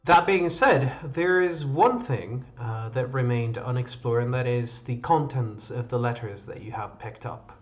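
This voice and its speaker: A man narrating as game master of an online tabletop game, pausing often with fillers. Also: medium pitch. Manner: halting, many fillers. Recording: slightly dull audio with faint music.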